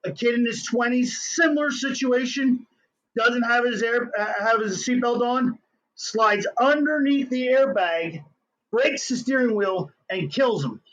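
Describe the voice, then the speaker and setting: Hyped-up middle-aged guy telling his story, bright high voice, muffled lo-fi sound. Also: measured pace. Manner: excitable, hyper. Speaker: inventor guest. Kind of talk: enthusiastic interview storytelling.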